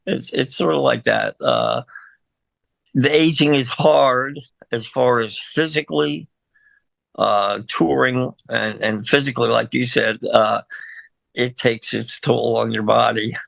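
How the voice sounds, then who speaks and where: A man's voice: mid-range voice, slow pace, gravelly, fairly bright tone, no room sound. An older man, a musician guest in a casual interview, talking in a rambling, emotional way with lots of fillers and laughs.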